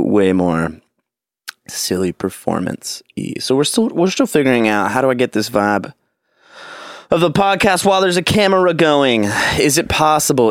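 A man's voice: fairly low pitch, gravelly, no echo, clean studio sound. A man hosting a comedic solo podcast, playful and self-aware. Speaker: podcast host.

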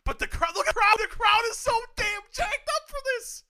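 A man giving excited live wrestling commentary, swinging from hushed muttering to sudden shouts, swearing and laughing often. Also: very high-pitched, brisk. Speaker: co-host of a wrestling watch-along.

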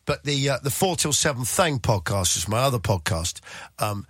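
A man's voice: mid-range voice, sing-song, normal speed, fairly bright tone, slightly rough, dry recording, clean studio sound. A middle-aged man, a radio and podcast host, chatting in an interview and telling jokey anecdotes, acting out other people's voices. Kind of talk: casual interview chat.

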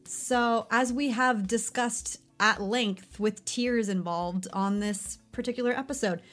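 A woman's voice: fairly high pitch, a little slow, fairly bright tone, faint music behind. A woman co-hosting a podcast, chatting casually and quizzing her co-host.

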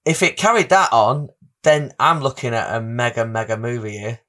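A man's voice: medium pitch, normal speed, bright, forceful tone. A man, co-hosting a podcast, rambling enthusiastically about a film in casual chat. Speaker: podcast co-host.

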